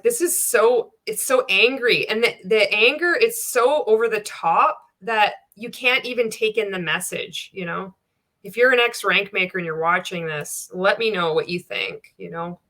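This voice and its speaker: Bright-voiced woman reacting, blunt and profane. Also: mid-range voice. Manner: candid, profane, wry, laughs often. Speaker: reaction video host. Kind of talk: casual commentary reacting to a clip.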